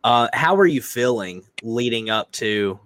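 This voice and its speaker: A man's voice: mid-range voice, expressive, measured pace, a bit bright, no room sound. A man hosting a casual interview, asking chatty follow-up questions and reacting with sympathy. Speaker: podcast host.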